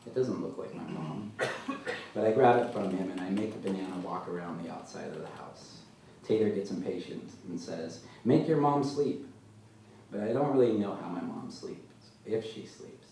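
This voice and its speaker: A man as an author at a live literary reading, telling his story in a dry, deadpan way, recorded from far off in a large hall. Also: low-pitched, creaky. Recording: echoey hall, mic far off, faint noise.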